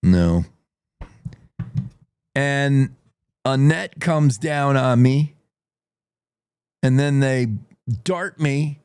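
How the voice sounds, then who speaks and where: A man's voice: mid-range voice, animated, extremely slow, long pauses, a little mellow, smooth, no echo, studio quality. A man hosting a morning radio show, rambling and joking as he tells a story. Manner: jokey, rambling, plays a wolf in first person. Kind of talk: casual talk radio monologue.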